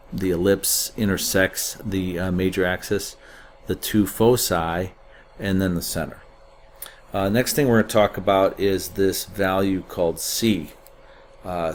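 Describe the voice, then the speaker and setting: A man's voice: low-pitched, a little hiss or hum. A man teaching a recorded math lesson, explaining steadily with frequent uh fillers.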